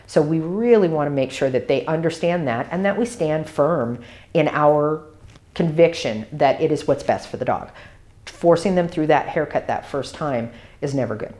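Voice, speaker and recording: A woman with a notably low speaking voice gives an instructional talk on dog grooming. She speaks emphatically as an experienced groomer and educator, hammering home her main points. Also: darkish tone. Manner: emphatic, repeats key points.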